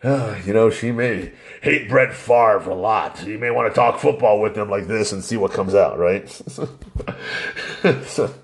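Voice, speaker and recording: A man's voice: on the low side, a little slow. A man talking in a casual, rambling, opinionated monologue, telling anecdotes.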